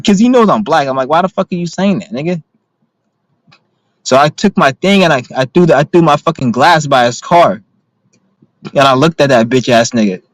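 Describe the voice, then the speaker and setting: Here a young man vlogs from his car in a medium-pitched voice, chatting casually to the camera while swearing and rambling through his stories. He sounds agitated and blunt, and the poor audio carries no room sound.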